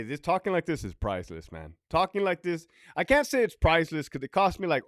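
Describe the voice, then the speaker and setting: A man's voice: fairly high pitch, fairly bright tone, no echo, clean studio sound. A former prison officer telling stories in a casual monologue, blunt and profane, hammering his points by repeating them. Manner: blunt, profane, repetitive ranting.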